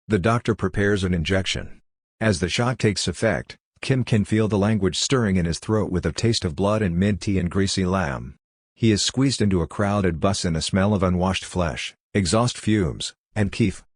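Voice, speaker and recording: A man reading a novel aloud at an even, measured pace. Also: low voice, breathy edge, dry recording, studio quality. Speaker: narrator. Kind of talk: audiobook reading.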